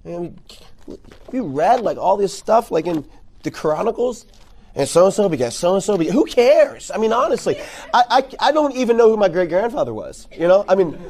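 A man speaking to youth ministry workers at a conference. He talks in an animated, conversational way, keeps checking in with "right?", and makes jokes. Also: high voice, normal speed, vocal fry. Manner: jokey, repeats key words for emphasis.

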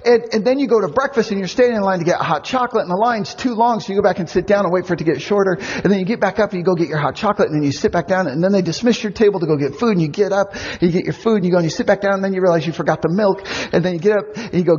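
Middle-aged male camp preacher, very husky high voice, long hall reverb, muffled sound. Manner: animated storytelling, acts out kids' voices. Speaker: camp speaker. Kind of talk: youth camp sermon.

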